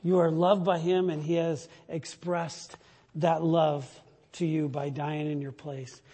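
A man preaching a sermon, slow and emphatic, rising to loud declarations and sinking to near-whispers. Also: fairly high pitch, little pitch movement, breathy edge. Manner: slow, emphatic preaching that swells loud then drops to a hush. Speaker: pastor. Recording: long hall reverb.

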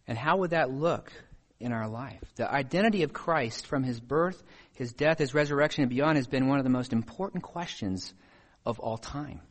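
A man's voice: medium pitch, normal speed. A man preaching a sermon, reading scripture passages aloud and asking his listeners pointed questions.

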